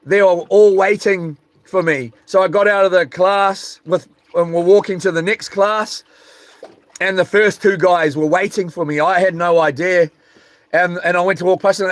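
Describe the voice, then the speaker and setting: A middle-aged man spins a rambling, animated story and acts out the voices and sound effects. His voice sits high for a man. The sound is dry and close. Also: normal speed, no room sound. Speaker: vlogger. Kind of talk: casual storytelling.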